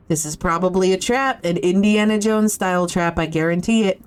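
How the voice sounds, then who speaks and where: A woman's voice: on the low side, lively intonation, fairly quick, few pauses, clean tone, soft background music. A woman streaming a video game, chatting casually, reacting aloud and swearing now and then. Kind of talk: casual live-stream commentary.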